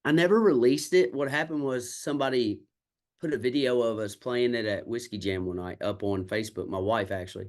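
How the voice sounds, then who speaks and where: A man's voice: mid-range voice, fairly quick. A man from Kentucky, a country singer and songwriter telling candid, salty stories in a casual interview and acting out the people he quotes. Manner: candid, salty storyteller who acts out quoted exchanges.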